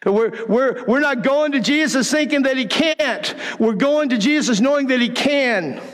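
High-voiced preacher in a reverberant hall. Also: male voice, unhurried, a bit bright. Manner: emphatic, impassioned preaching. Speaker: pastor. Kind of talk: sermon.

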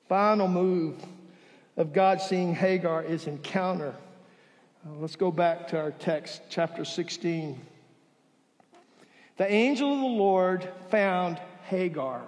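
High-voiced pastor in a reverberant hall. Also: male voice, lively intonation. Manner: preaching with dramatic pauses and soft, drawn-out emphasis. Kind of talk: sermon. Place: church sanctuary.

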